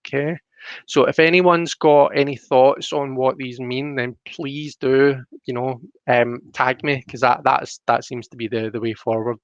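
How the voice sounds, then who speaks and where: A man's voice: medium pitch, fairly even intonation, a little slow, dry recording. Chatty Scottish man, dull dry stream audio. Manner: chatty, explanatory, full of "you know" fillers and restarts. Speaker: tarot reader on a livestream. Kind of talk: live-streamed tarot explanation.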